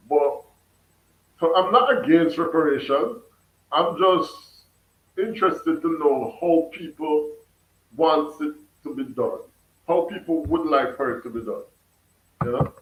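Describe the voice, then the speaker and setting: A man's voice: mid-range voice, recorded from a distance. A man with a Jamaican accent hosts a casual livestream, reading his chat aloud, laughing often and putting questions back to his viewers. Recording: echoey room, away from the mic.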